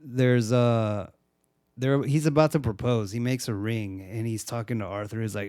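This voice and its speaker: Casual male co-host, dry close sound, mid pitch, profane recap chat. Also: normal speed, a little mellow, no echo. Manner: casual, profane, acts out movie lines. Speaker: podcast co-host.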